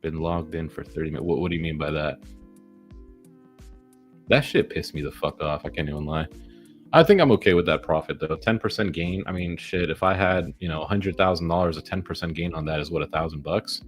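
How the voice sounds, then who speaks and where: Deep-voiced man narrating his stock trades. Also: fairly quick, faint music behind. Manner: excitable, swearing, talks to the chart. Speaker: day-trading vlogger. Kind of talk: casual live trading commentary.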